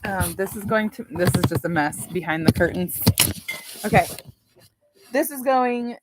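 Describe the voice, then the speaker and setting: A mom vlogger hosts a livestream from her dining room, chatting, rambling and thinking aloud while she sorts craft supplies in a casual decluttering session. Her medium-pitched voice is animated and a little slow, and the audio is very noisy.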